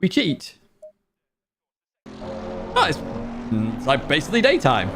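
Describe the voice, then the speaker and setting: A man's voice: on the high side, huge pitch swings, slow pace, music in the background. A man from Blackpool, chatting casually and rambling while streaming a racing game and reading out chat. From Blackpool, England. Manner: chatty, rambling, reads out chat and laughs often. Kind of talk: casual livestream commentary. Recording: game engine noise behind.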